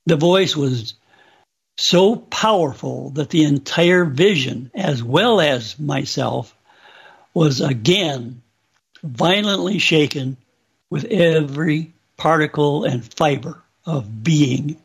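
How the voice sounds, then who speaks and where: Man with a gravelly husky voice telling his vision, slow and solemn, kinda high. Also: animated. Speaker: preacher recounting a vision. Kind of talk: slow spoken testimony.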